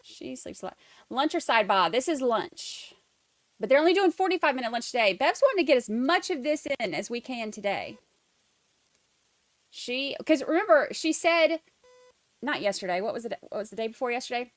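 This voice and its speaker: A young Southern woman hosts a casual livestream, rambling through her thoughts and reading out viewer comments. Her voice sits fairly high and comes across dry and close, with no room echo at all. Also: sing-song, fairly quick. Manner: chatty, reads viewer comments aloud, rambling. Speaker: livestream host.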